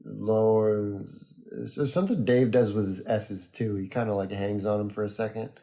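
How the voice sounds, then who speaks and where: Young male podcast host, a little low and warm, easygoing and rambly. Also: fairly quick. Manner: rambling, easygoing, many ums and uhs. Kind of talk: casual solo podcast monologue.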